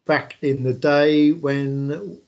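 A man hosting a casual podcast, his voice a little higher than most. He rambles along with plenty of "uh"s, and the recording sounds dull and muffled. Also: steady tone, very slow, darkish tone. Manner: rambling, with many filler "uh"s. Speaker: podcast host.

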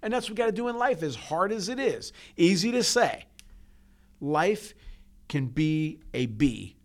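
His voice is high and very animated, yet his pace stays measured as he co-hosts a podcast. Telling personal stories with earnest emotion, this man frequently starts over and repeats phrases in a casual, heartfelt way.

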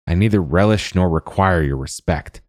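A dying old woman wizard speaks quietly and mournfully, as a male narrator puts her on. She is aloof and worn out and keeps her voice low and hushed. The sound is dry and close. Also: moderate pace, no room sound, lightly acted. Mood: weary, mournful.

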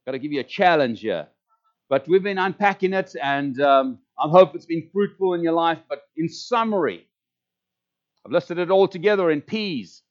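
A man's voice: fairly high pitch, moderate pace. South African male pastor, emphatic preacher who repeats words, muffled lo-fi recording. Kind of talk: sermon. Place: church service. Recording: dull lo-fi recording.

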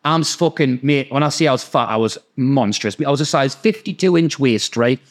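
A man's voice: medium pitch, animated. A man with a Geordie accent telling rowdy, sweary stories in casual chat and acting out the people in them. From North East England. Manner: fast, sweary, laughing, acts out quoted voices. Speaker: podcast guest. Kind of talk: casual storytelling.

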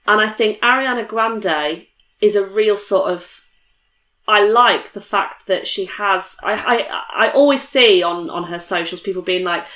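A young British woman in casual conversation, telling stories in a chatty, lively way with lots of fillers. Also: mid-range voice, a little slow. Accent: British English. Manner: chatty, animated storytelling with many fillers. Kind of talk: casual chat. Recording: roomy echo.

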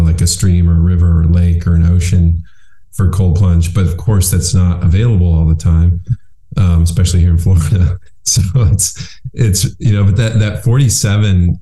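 Male podcast host, low dark voice, rambling and stammery restarts, echoey room. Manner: rambling, repeats words when starting sentences. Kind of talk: conversational interview. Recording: roomy echo.

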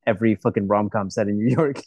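A man's voice: fairly low pitch, fast, darkish tone, dry recording. A man co-hosting a casual movie-review chat, joking and swearing often. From United States. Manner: profane, jokey, sarcastic. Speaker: podcast co-host.

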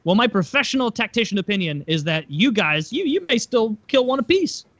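A man co-hosting a podcast, joking and spinning hypotheticals at a quick clip. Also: high voice, big pitch swings, fairly bright tone, no room sound, muffled recording. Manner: fast, joking storyteller. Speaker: podcast co-host. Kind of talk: casual chat.

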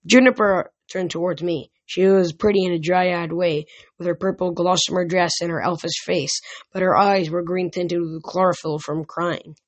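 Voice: medium pitch, steady tone, moderate pace, no echo, dull audio. A reader narrating a novel in the first person in a casual way, with small slips and restarts. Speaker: audiobook reader.

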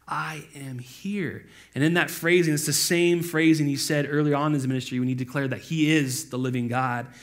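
A pastor delivers a casual, conversational sermon packed with asides, voicing quoted speakers through sudden loud outbursts. His voice is fairly high and his delivery flat, brisk, and nearly without pauses.

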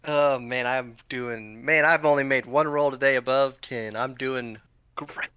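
A man playing a tabletop game in casual chat, joking and quick to protest, stammering when flustered. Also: mid-range voice, fairly even intonation, bright, forceful tone, clear, resonant tone, no echo, dull audio. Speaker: player.

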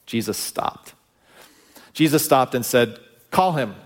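A man preaching a sermon in a relaxed, storytelling voice that sits at a middle pitch. He talks to the congregation casually, with asides, and lets the ends of his phrases drop away quietly. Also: slow. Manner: storytelling with acted-out quotes, conversational asides. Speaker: pastor.

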